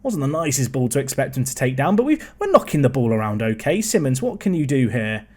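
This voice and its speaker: A man's voice: medium pitch, sing-song, a little fast, darkish tone. Exasperated man commentating gameplay. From England. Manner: exasperated, rambling running commentary. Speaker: gaming video creator. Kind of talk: let's-play commentary. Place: seated at a computer.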